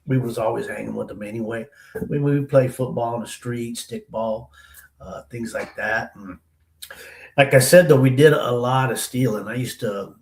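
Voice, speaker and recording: A man's voice: medium pitch, moderate pace, creaky, reverberant, poor audio. A man from the Denver area telling a long story as an interview guest, in a loose, slangy way with lots of "man" and "you know". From Denver area, USA.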